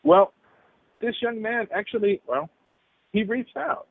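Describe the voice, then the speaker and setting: A man's voice: sits high, measured pace, no echo, narrow, tinny audio. A man hosting a radio show, introducing a guest in a chatty way. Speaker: radio host.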